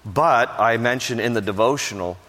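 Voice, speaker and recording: A man's voice: medium pitch, moderate pace, pushed and bright. A male pastor preaching a sermon, telling stories and acting out the voices of people he quotes. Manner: storytelling, acts out quoted voices. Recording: long reverb of a large hall.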